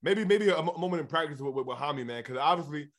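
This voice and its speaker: Fast-talking slangy podcast host. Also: male voice, a little high. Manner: fast, slangy, animated, repeats words. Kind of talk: casual chat.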